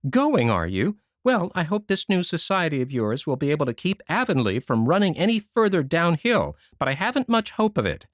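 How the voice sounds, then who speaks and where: A man's voice: a little high, very animated, moderate pace, hardly any pauses, no room sound, clean studio sound, voice pushed up. A man reading a storybook voices a grim, sour old woman with a scornful, pessimistic manner. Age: fifty-seven.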